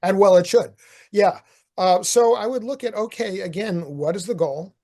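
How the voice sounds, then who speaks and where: An older man from the United States, a marketing author, talking casually as a podcast guest and telling stories with animated chuckles. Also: high-pitched, normal speed. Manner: animated storyteller, chuckles, restarts. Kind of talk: casual interview talk.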